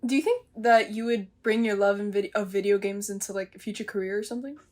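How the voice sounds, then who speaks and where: A woman co-hosting a casual podcast over a video call, introducing guests and chatting in a relaxed way. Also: mid-range voice, fast talker. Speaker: podcast co-host.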